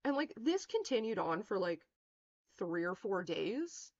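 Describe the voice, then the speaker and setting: A woman's voice: medium pitch, big pitch swings, measured pace. A woman streamer telling a long story in a casual, rambling way, full of swearing and fillers. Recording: dull lo-fi stream mic.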